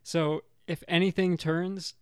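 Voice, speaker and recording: A man's voice: a little high, little pitch movement, takes it slowly, smooth, no echo, clean studio sound. A young man co-hosting a podcast, telling a rambling, self-deprecating story in casual chat. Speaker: podcast co-host.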